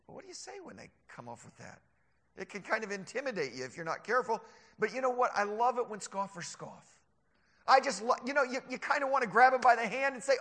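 A man delivers a lively, animated sermon in a high, bright voice. His words ring out with a long hall reverb around them. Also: fairly quick. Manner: animated, acts out scoffers in mocking voices. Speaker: preacher.

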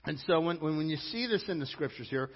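Male pastor, fairly high voice, emphatic conversational preaching; muffled lo-fi sound with long hall reverb. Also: lively intonation, fast. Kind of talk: sermon.

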